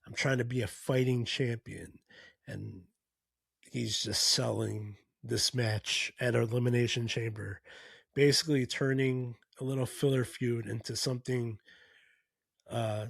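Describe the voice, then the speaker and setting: A man with a gravelly, rough-edged voice talks through a recap in a loose, casual way. He rambles, restarting sentences and leaning on fillers as he goes. The sound is dry and close, with no room around it. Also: mid-range voice, steady tone, a little slow, dry recording. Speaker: podcast host.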